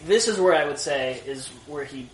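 A man's voice: a little high, lively intonation, normal speed, a little hiss or hum. A man leading a small Bible study group, reading passages aloud and stopping to chat and explain. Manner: reads aloud steadily, stops to comment. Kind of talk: reading and casual group discussion. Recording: roomy room, distant mic.

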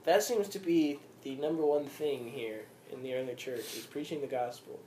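A man's voice: mid-range voice, normal speed, mellow. A man leading an informal Bible study, reading scripture aloud and then explaining it with questions to the group. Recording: roomy with faint background noise.

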